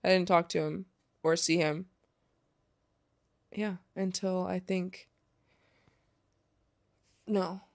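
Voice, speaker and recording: A woman's voice: on the low side, steady tone, slow, creaky, long pauses. A young woman, a professional soccer player, candidly telling a story in a casual interview, swearing freely and saying "like" a lot.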